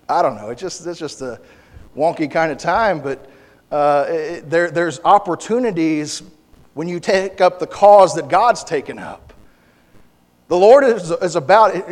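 A man's voice: sits high, big-room sound. A male pastor preaching a sermon in an impassioned way, with frequent restarts and repeated words.

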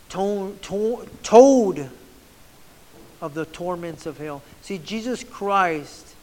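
A male preacher with a high voice delivers a fervent sermon, circling back and restarting phrases as he presses his point. His words ring out with a long hall reverb. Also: a little mellow, a little hiss or hum.

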